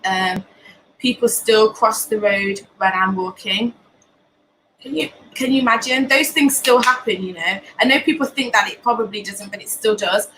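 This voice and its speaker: A young woman from Britain, hosting a live show from home and talking candidly with many pauses and restarts. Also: mid-range voice, sharp tone, a little hiss or hum, poor audio. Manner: earnest, many ums and restarts. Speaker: host of a live talk show. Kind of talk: candid personal talk.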